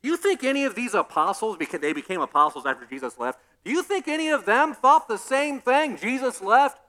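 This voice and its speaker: A male pastor preaching a sermon in an animated way, acting out scenes with humor. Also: very high-pitched, a little fast.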